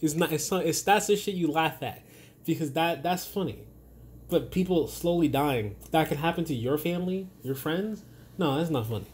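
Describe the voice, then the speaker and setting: A man's voice: on the high side, expressive, brisk, a little mellow. A man ranting casually to camera in a blunt, profane and rambling way, often restarting his sentences. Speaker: vlogger.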